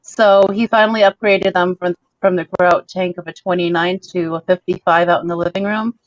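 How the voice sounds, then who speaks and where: A woman's voice: fairly low pitch, fairly even intonation, a little fast, no room sound. Woman host, slight New York accent, chatty and laugh-prone, muffled dry call audio. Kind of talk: casual group chat.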